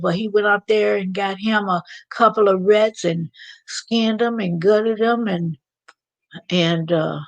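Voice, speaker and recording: An American woman hosting a live stream, chatting and telling stories with animated asides. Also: mid-range voice. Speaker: vlog host. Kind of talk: live stream casual chat.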